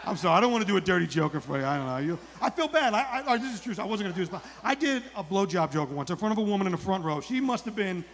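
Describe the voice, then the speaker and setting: Fast-talking high-voiced comedian, forties. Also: male voice, animated, vocal fry, fairly bright tone, big-room sound. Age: 40s. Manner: acts out characters in high put-on voices. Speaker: stand-up comedian. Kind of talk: live stand-up routine. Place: outdoor comedy club stage.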